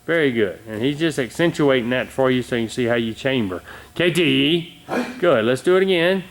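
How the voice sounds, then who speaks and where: A man's voice: mid-range voice, expressive, normal speed. Man calling out kick drills. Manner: calls out commands loudly and coaches with frequent "all right?" and "okay?". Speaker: martial arts instructor. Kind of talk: teaching a kicking class on video.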